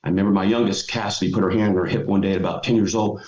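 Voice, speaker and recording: A man's voice: sits low, fairly even intonation, racing, a little mellow, slight background noise. A middle-aged man giving motivational advice as a podcast guest, emphatic and folksy. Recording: roomy, dull lo-fi audio.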